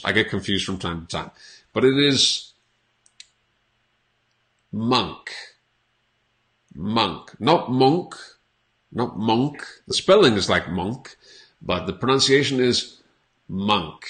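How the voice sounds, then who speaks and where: A male English teacher talks casually to his viewers, joking as he goes. His voice moves up and down a lot. He says each word again and again, slowly and clearly, so learners can copy it. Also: fairly low pitch, fairly bright tone. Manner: playful, repeats words slowly for learners. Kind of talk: casual on-camera English lesson.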